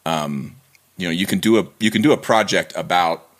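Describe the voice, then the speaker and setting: A man hosting a podcast in casual conversation, animated and self-deprecating, with lots of fillers, talking over a remote call. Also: low voice, brisk. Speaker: podcast host.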